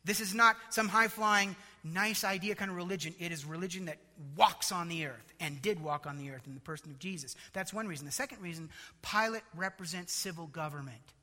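Man preaching with a bright high voice. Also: fairly quick, big-room sound. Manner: dramatic, voices mocking asides. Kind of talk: sermon.

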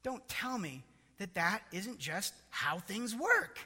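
A man delivers a sermon in a high, bright voice. He builds emphasis and slips into mocking asides. The sound rings with a long hall reverb. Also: sing-song, slow pace, slightly rough. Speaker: preacher.

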